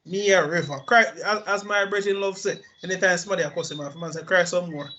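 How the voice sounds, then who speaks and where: A man's voice: high-pitched, quick pace. A man, co-hosting a casual chat, telling profane stories with lots of laughter. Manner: animated, laughing, profane storytelling. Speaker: podcast co-host. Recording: dull lo-fi audio with faint noise.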